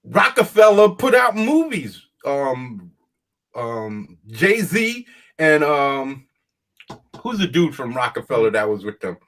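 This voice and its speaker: A man's voice: medium pitch, big pitch swings, slow. A man hosting a casual talk show who speaks in a plain, folksy way, repeats his points for emphasis, and often laughs while he rants.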